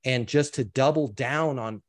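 A man's voice: mid-range voice, a little slow. Man telling a story with animation. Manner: animated storyteller, quotes others, many restarts. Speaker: interview guest. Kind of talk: storytelling in conversation.

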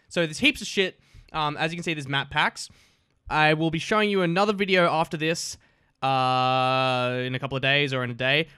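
A man's voice: fairly high pitch, sharp tone, no echo, clean studio sound. A man giving casual, crude and jokey gameplay commentary as host of his gaming videos.

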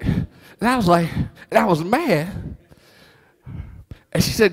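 A man preaching a sermon in a high, wildly swinging voice with a slightly husky edge. He tells folksy, joking stories and climbs from near-whispers to shouts. The sound rings out with a long hall reverb. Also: sing-song, normal speed, long pauses. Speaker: pastor.

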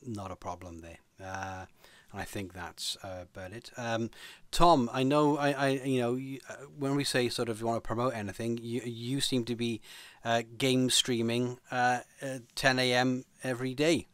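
A man's voice: mid-range voice, fairly even intonation, moderate pace, fairly bright tone, no echo. A man with a British accent hosting a podcast, rambling through the sign-off with restarts and chuckles. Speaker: podcast host. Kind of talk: casual podcast chat and sign-off.

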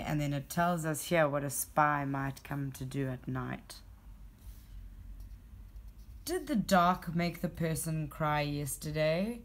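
A woman teacher speaks at an unhurried pace, reading a simple rhyming poem aloud before walking children through the questions. Her voice sits low, and she guides each step with patient, clear explanations.

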